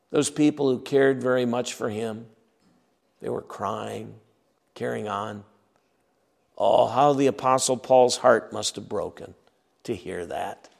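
A man's voice: medium pitch, creaky. A man preaching an expository sermon, emphatic and often repeating his words as he acts out the scripture scenes.

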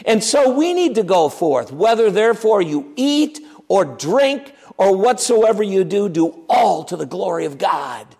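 A man preaching a verse-by-verse sermon, reading scripture aloud with emphatic, dramatic swings from loud to hushed. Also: sits high, sing-song, measured pace, few pauses, breathy edge, in a large hall. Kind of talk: expository sermon.

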